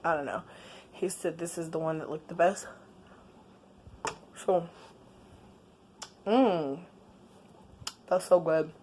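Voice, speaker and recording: A woman in her thirties chats into her camera at home late at night. Her voice sits fairly low and she takes her time, easygoing and talkative, sometimes dropping into quiet asides. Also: takes it slowly, long pauses, slight background noise. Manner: chatty, laid-back, drops into quiet asides. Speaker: vlogger. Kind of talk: casual late-night vlog chat. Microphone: camera on a stand.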